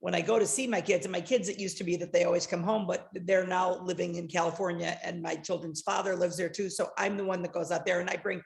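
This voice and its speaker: A woman's voice: on the low side, fairly even intonation, quick pace, vocal fry, few pauses. A middle-aged woman hosting a conversation over a video call, enthusiastic and affirming. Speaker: host. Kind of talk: casual conversation.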